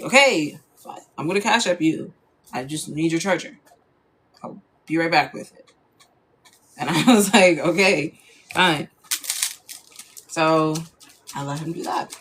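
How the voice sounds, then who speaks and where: A woman's voice: sits low, fairly bright tone. Young woman rambling thru a storytime, lots of likes, bit of hiss in the background. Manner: chatty, lots of "like" fillers. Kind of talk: casual storytime.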